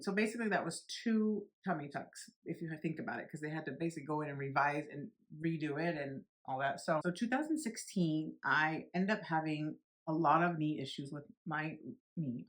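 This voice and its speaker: Blunt, lower-voiced woman telling a story. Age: 40s. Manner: blunt, animated, swears freely, acts out others' lines. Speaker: beauty vlogger. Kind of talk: candid personal storytelling.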